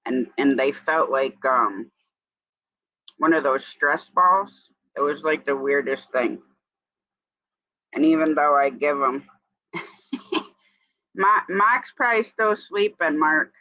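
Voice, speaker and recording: A man's voice: on the high side, expressive, takes it slowly, long pauses, pushed and bright, no room sound, muffled recording. A man from New York with an upstate New York accent, hosting a casual morning live stream and chatting in a rambling way while greeting viewers.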